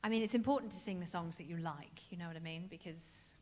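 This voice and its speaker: A woman's voice: on the low side, quick pace. A woman from England, a jazz singer chatting and joking with the audience between songs on a club stage.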